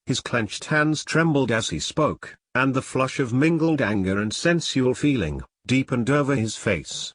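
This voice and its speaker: A man narrating an old novel as an audiobook in a steady, measured way. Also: medium pitch, no echo, studio quality.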